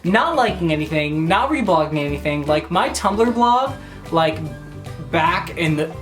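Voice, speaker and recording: A woman answering fan questions in a casual vlog, rambling, jokey and excitable. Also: fairly low pitch.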